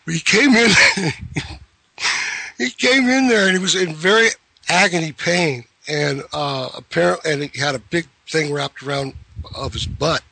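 A man's voice: on the high side, measured pace, vocal fry, pushed and bright, no echo, rough recording. A man hosting a casual talk radio show, telling rambling stories and laughing often.

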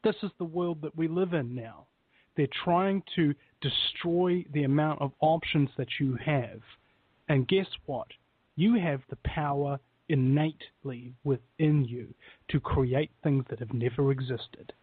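A man speaking as a guest in a casual chat, motivational and animated, telling stories. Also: a little high, unhurried, breathy edge, dry recording. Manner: motivational, animated storyteller who laughs at his own tales. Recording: tinny phone-like line.

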